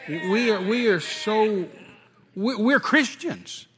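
A man preaching a sermon, animated, rising to shouts at its peaks. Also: high voice, slow pace, breathy edge. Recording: long hall reverb.

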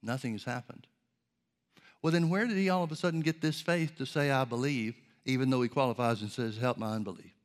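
Here a man delivers a sermon in a medium-pitched voice, his teaching sincere and deliberate, punctuated by questions he doesn't expect answered.

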